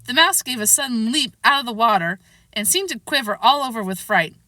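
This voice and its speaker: A woman reads a children's storybook aloud with lively expression. Her voice is fairly high and bright, rising and falling freely. The recording is close and dry. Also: a little fast, dry recording. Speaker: storybook reader. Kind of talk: reading a children's classic aloud.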